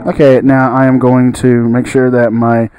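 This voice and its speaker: A man's voice: mid-range voice, little pitch movement, normal speed, music in the background, low-quality recording. A man in a home studio giving a casual spoken tutorial, thinking aloud and often trailing off and restarting his sentences. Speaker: music tutorial host.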